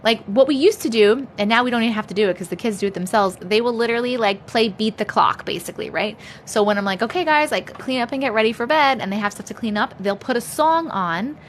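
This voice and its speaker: A woman's voice: fairly high pitch, fast talker, few pauses, a little hiss or hum. Chatty, swearing woman on a livestream. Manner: chatty, laughs often, swears casually. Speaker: livestream host. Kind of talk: casual chat with viewers. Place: home.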